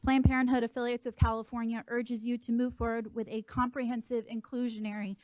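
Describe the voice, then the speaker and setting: Measured woman reading an advocacy statement. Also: fairly high pitch, flat delivery, a little mellow, no echo. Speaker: advocacy representative. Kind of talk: read public statement.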